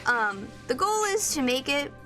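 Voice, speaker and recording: A woman's voice: high voice, big pitch swings, unhurried. A young woman streaming a game and chatting casually, rambling and playful with a sing-song lilt. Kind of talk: casual chat while gaming. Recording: loud game music behind.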